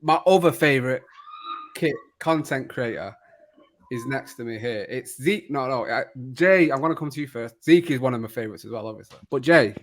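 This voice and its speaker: A man hosting a casual kit-ranking chat, jokey and quick to laugh. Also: mid-range voice, lively intonation. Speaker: podcast host.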